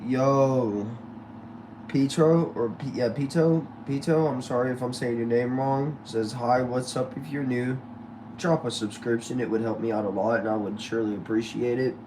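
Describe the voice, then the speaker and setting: Over a noisy background, a streamer reads viewer comments aloud and chats back in laid-back slang, addressing people as y'all and bro. His mid-range voice stays steady at a normal speed during this casual live chat.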